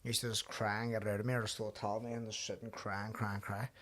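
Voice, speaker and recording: A young man who is a professional boxer hosts a casual podcast, rapidly telling stories, swearing freely and quoting himself in asides. His voice sits on the low side, level in tone and fairly bright.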